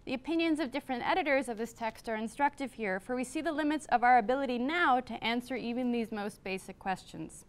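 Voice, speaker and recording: A woman professor giving a public lecture on classics, partly read from a script, measured, with brief asides. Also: on the high side, smooth. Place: lecture hall.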